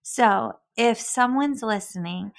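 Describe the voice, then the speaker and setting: A woman's voice: fairly high pitch, takes it slowly. A woman in her thirties hosting a podcast from her kitchen table, chatting casually and giggling often. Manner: giggly and effusive. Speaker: podcast host. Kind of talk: casual interview chat.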